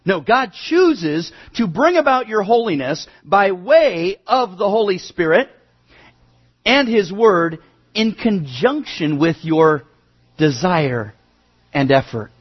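A man preaching a sermon as pastor, earnest, swinging between emphatic rises and low quiet drops. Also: big pitch swings, takes it slowly, breathy edge, highs cut off.

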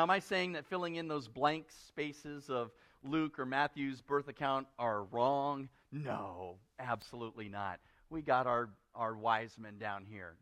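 A male pastor preaching a sermon in a conversational way, dropping to a soft, earnest tone for emphasis. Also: fairly high pitch.

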